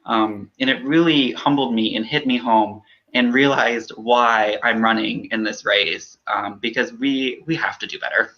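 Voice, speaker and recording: Young man, earnest, halting, many ums, bright tone, muffled lo-fi audio. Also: mid-range voice, steady tone. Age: young adult. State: choked up. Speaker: political candidate. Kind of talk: interview.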